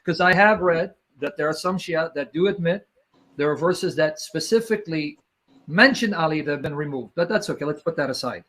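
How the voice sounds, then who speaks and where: A man's voice: on the high side, brisk, fairly bright tone. A man in a live debate, pressing his opponents with insistent, repeated questions.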